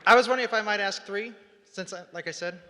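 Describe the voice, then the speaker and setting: A man's voice: high-pitched, fast, a crowd in the background. A man in a convention audience asking a guest questions, eager and polite, laughing along. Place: convention hall audience mic. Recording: echoey hall with background noise.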